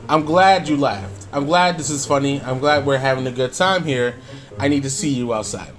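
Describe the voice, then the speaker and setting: A man's voice: medium pitch, moderate pace, lightly acted. A man voicing a stern male army first sergeant, talking in a clipped, scolding way over background music.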